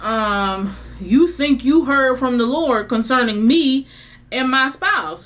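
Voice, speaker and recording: A woman in her thirties venting in a candid casual chat, swinging between low subdued lines and high exasperated bursts, laughing through her frustration. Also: animated, unhurried, fairly bright tone. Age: 30s. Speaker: vlogger.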